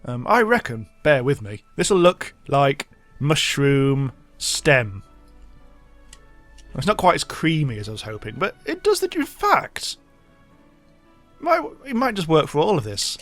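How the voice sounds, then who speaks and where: A man's voice: mid-range voice, big pitch swings, a little slow, fairly bright tone, no echo, soft background music. A man hosting a let's play, giving rambling, self-mocking commentary as he thinks aloud. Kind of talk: casual gameplay commentary.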